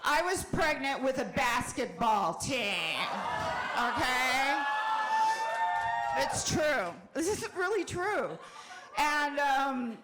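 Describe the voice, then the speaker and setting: A middle-aged woman working a stand-up set in a comedy club, her slightly high voice carrying around the room. She talks slowly, letting lines land, then breaks into loud animated bursts. The sound is roomy and reverberant. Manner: animated, with loud shouted bursts and wry asides.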